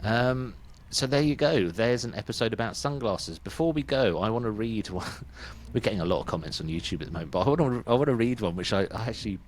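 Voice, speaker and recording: A man's voice: fairly low pitch, expressive, fast, hardly any pauses, a little hiss or hum. A British man hosting a music podcast in casual, chatty talk, often laughing. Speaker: podcast host. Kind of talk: casual chat.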